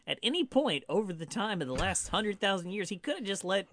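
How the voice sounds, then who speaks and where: A man on a casual podcast discussing a film. He speaks with measured emphasis and uses fillers like "uh" and "you know". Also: sits high, very animated, fairly bright tone, a little hiss or hum.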